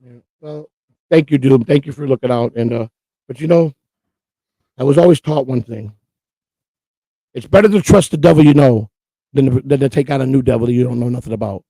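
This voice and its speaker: Co-hosting a streamed morning show, a man launches into a heated rant that is profane, repetitive, and emotional. His warm, medium-pitched voice is brisk but pauses often, and there's no room sound.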